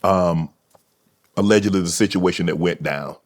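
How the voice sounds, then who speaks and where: A man with a Southern accent hosting a casual interview, asking questions in a lively way and chuckling along. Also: sits low, moderate pace. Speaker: podcast host.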